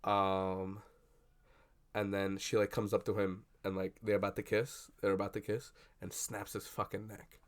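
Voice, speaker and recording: A young man chatting casually at his desk about a film he just saw, rambling and swearing with lots of fillers and excited bursts. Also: lowish voice, normal speed. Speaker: vlogger. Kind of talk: casual movie reaction chat. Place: at a desk indoors. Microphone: computer webcam.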